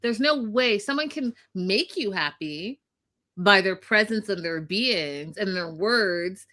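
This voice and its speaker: Bright, blunt woman co-host. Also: medium pitch, animated, slow. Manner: blunt, emphatic, swears freely. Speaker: podcast co-host. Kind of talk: casual recap chat.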